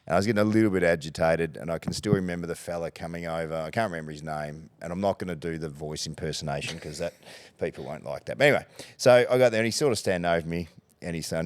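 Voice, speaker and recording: A middle-aged Australian man with a very low voice recounts stories in a relaxed podcast chat. He slips into the voices of the people he quotes. The sound is close and dry. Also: fast, no echo. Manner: animated anecdotes, acting out quoted voices. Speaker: guest, former football coach. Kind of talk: podcast storytelling.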